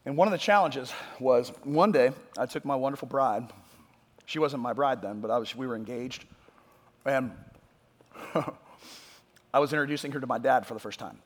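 A man preaching a sermon, talking conversationally and moving between loud emphatic points and quiet asides. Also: medium pitch, moderate pace, long pauses. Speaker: pastor. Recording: long hall reverb.

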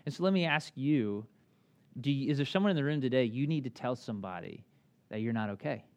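A man in his thirties preaching a sermon as a pastor, conversational and animated, with acted asides. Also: medium pitch, a little fast.

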